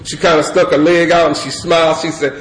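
A man's voice: little pitch movement, fairly quick. A middle-aged man from California telling a rambling, laughing personal story to a crowd, full of fillers. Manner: loose rambling storyteller, many fillers, breaks into high laughing voice. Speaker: speaker sharing recovery story. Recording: echoey room with crowd noise.

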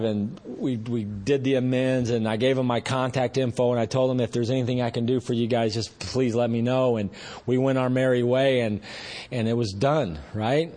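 A man's voice: mid-range voice, darkish tone. A man giving a personal recovery testimony at a meeting, earnest and rambling, talking in a conversational way with frequent restarts. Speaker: speaker sharing recovery story.

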